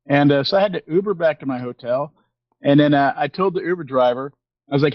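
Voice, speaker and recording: A man's voice: a little high, fairly quick, no room sound. A man in his fifties tells a long, wandering story as a podcast co-host, circling back with fillers and restarts. He slips into the voices of the people he quotes. The recording is dry and a little dull. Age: 50s. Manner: rambling, with many fillers and restarts, acting out quoted exchanges. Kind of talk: casual storytelling chat.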